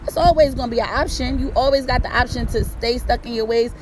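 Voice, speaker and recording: Blunt, profane woman talking loud. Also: fairly high pitch, fast talker, noisy background. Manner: blunt, profane, streetwise, conversational. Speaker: host. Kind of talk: casual relationship advice talk.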